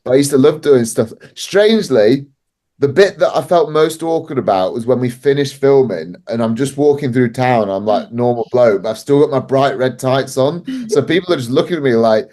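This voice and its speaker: A man who promotes wrestling chats as a podcast guest, telling stories at a normal speed in a mellow, mid-range voice. He laughs often and uses "like" as a frequent filler.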